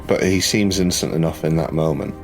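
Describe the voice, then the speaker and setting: A man's voice: extremely low pitch, fairly even intonation, a little mellow, soft background music. A man playing in a tabletop horror game, casual and jokey, swearing when his character gets riled. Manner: jokey, swearing, quick to protest. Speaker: player.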